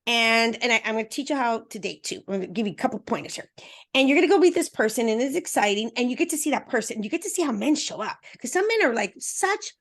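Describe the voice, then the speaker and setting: A woman dating coach talking as a podcast interview guest, energetic and emphatic, speaking straight to her listeners and acting out little voices. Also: fast talker. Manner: acts out voices with expressive pitch swings.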